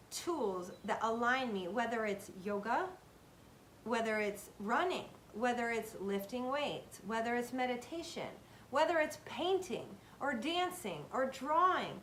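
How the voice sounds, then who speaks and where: Earnest woman in her 30s, pretty high voice, motivational chat, repeats stuff for emphasis, faint rumble behind. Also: a bit bright. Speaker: self-help video host. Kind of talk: casual motivational talk to camera.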